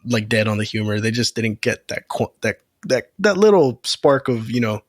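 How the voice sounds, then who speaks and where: A man's voice: medium pitch, expressive, moderate pace, no echo, studio quality. A man co-hosting a podcast in casual chat, easygoing and agreeable as he tells a story. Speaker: podcast co-host.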